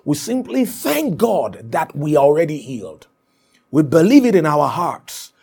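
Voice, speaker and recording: A male preacher delivers an emphatic sermon, circling back over his points and sealing them with "Amen." His voice sits a little high and sounds husky and gravelly. His pitch rises and falls with lively energy. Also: unhurried.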